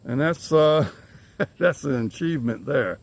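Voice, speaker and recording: This older man's voice sits on the high side, expressive and a little slow. He's vlogging to his phone camera outdoors in his yard, rambling easily and laughing softly often.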